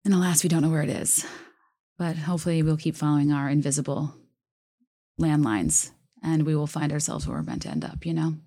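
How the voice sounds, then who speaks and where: A young woman with a low, dry-sounding voice talks casually about songs. She muses and hesitates, full of fillers. She reads lyrics aloud between her thoughts. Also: lively intonation, brisk, mellow, no room sound. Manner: musing, hesitant, many fillers. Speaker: music vlogger reacting to songs.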